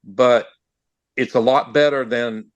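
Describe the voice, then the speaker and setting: A man's voice: medium pitch, steady tone, slow pace, no room sound, dull audio. A man co-hosting a music podcast in casual chat, hesitant and full of fillers. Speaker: podcast co-host.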